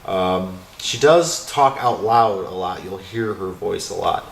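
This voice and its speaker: Low-voiced man with fillers, roomy echo. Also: slow pace, gravelly, a little hiss or hum. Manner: rambling, many fillers. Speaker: owner of a haunted former school. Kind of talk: casual interview answers. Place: inside an old vacant school building. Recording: roomy echo with faint music.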